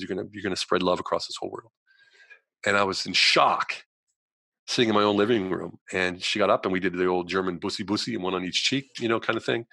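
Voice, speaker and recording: A guest in conversation, this man sits low as he tells a personal story in a lively way, acting out quoted voices and sprinkling in many "you know"s. There's no echo.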